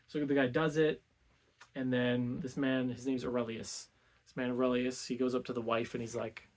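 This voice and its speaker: A man's voice: mid-range voice, little pitch movement, moderate pace, vocal fry, darkish tone. A man hosting a book club video, casually retelling a classic story in laid-back speech full of "like".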